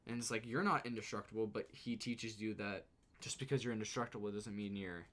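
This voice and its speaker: A man's voice: on the low side, fairly quick, fairly bright tone. A man co-hosting a podcast in casual chat, earnest and laughing easily, with casual swearing. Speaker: podcast co-host.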